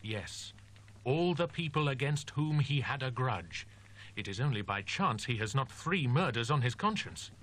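A man's voice: medium pitch, big pitch swings, a bit bright. A man as a grim, determined student. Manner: grim, firm, deliberate. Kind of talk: audiobook drama acting.

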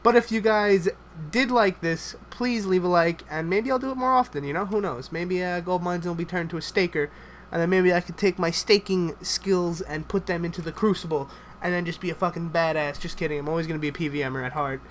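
A man giving live gameplay commentary, excitable and joking, swearing often and chattering in rapid bursts. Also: high-pitched, a little hiss or hum.

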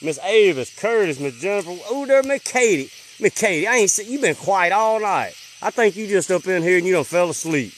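A man hosting a late-night livestream from a rural farm on his phone. He rattles off viewers' names in a drawl and drops to a hush when he listens for sounds. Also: high voice, expressive, fairly quick, few pauses, a little hiss or hum. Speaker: livestream host.

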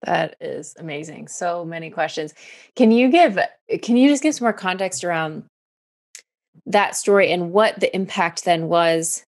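A woman's voice: fairly low pitch, a little slow. A woman hosting a podcast, asking curious, encouraging questions of her guest. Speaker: podcast host. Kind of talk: interviewing.

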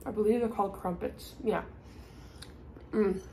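A woman's voice: medium pitch, steady tone, unhurried, creaky, dark tone, a little hiss or hum. Chatty young woman vlogging on her phone. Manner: rambling, fillers like "like" and "um". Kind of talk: casual chatty vlog. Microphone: handheld phone at arm's length.

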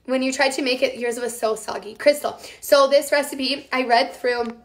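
Still getting over a lost voice, this young cooking show host demonstrates a recipe in her home kitchen and answers comments, addressing viewers as "you guys". She speaks in a high voice with fairly even intonation and moderate pace; the room is echoey, with faint noise.

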